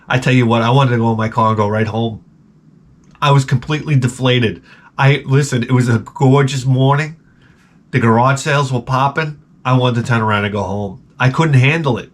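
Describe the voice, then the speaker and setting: A middle-aged man telling stories in a casual vlog, profane and animated, ranting and acting out his own exasperated reactions. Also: medium pitch, moderate pace, slight background noise. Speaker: vlogger showing garage sale finds.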